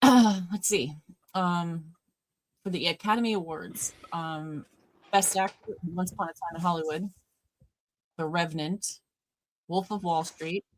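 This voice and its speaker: A woman's voice: on the low side, unhurried, long pauses, slight background noise. A woman co-hosting a livestreamed movie watch party, chatting casually, laughing often and trailing off mid-sentence. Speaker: livestream co-host.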